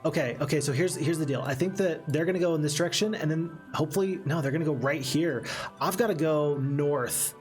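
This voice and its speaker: A man's voice: on the high side, a little fast. A man giving casual, chatty let's-play commentary while streaming a strategy game and reading chat aloud. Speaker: gaming streamer. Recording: faint game music behind.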